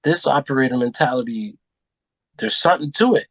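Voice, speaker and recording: A man's voice: medium pitch, a little fast, vocal fry, husky, no echo. Guy on a podcast telling wild stories, does all the voices, cusses a lot, dead dry mic. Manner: animated, acts out quotes, swears freely. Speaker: podcast guest. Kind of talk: casual storytelling.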